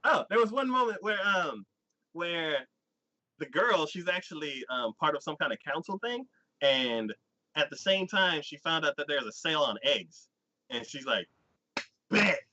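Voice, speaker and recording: A man chats casually as a host, retelling a story in a loose, rambling way, full of fillers and quick acted-out lines. His voice sits a bit high and sounds bright and forceful. The audio is dull and lo-fi. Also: animated. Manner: rambling storyteller, many fillers, acts out quotes. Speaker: podcast host. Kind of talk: casual anime recap chat.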